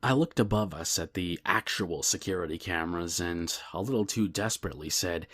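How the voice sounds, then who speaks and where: A man narrating a scary story in a calm, measured storytelling voice, sometimes dropping to a hushed whisper. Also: low-pitched, breathy edge. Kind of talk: scripted horror story narration.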